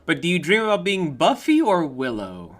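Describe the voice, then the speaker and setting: A man's voice: a little high, huge pitch swings, moderate pace, faint music behind. A man hosting a casual online interview, chatty and joking, with frequent asides. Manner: joking, chatty, slips into comic voices. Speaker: interview host.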